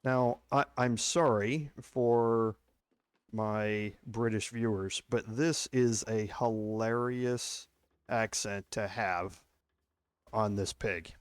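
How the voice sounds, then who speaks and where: A man's voice: on the low side, steady tone, slow, smooth, no room sound. A man with a Texas accent giving casual, step-by-step commentary while playing a video game. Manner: chatty, explains step by step. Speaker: gameplay streamer.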